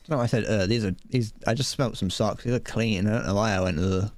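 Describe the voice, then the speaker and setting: A man's voice: on the low side, a little fast, dry recording. A young man from Britain chatting casually while he streams a game, rambling and playful, humming to himself between remarks. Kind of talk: casual gaming stream chat.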